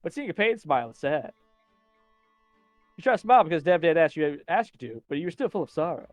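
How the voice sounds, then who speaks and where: A man's voice: on the high side, sing-song, fast, dry recording, soft background music. A man bantering playfully, talking about himself in the third person in a mock-solemn way. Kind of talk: playful role-play banter.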